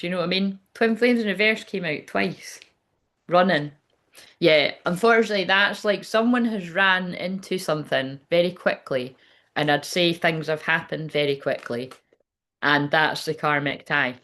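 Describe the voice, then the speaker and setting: A tarot reader with a fairly low, slightly bright voice walks through a reading at normal speed. She's loose and chatty, swearing freely, laughing often, and cutting herself off mid-thought in an unpolished way.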